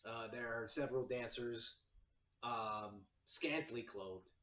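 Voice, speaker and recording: A man running a tabletop game as game master, narrating in a relaxed, hesitant way with many fillers. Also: mid-range voice, slow pace, far from the mic, slight background noise. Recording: echoey room, voice off-mic, faint music.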